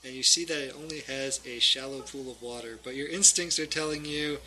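A man's voice: medium pitch, brisk, crowd noise. A man narrating a tabletop game as game master, often laughing as he goes.

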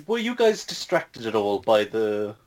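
A man's voice: fairly low pitch, very animated, unhurried, a little mellow. A man in a casual film discussion, giving hesitant, short remarks with fillers.

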